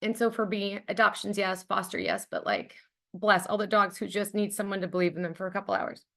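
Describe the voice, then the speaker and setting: A woman's voice: mid-range voice, expressive, a little fast, creaky, fairly bright tone. A woman presenting her charity's program on a webinar over a video call, talking in an enthusiastic, conversational way with frequent ums and likes.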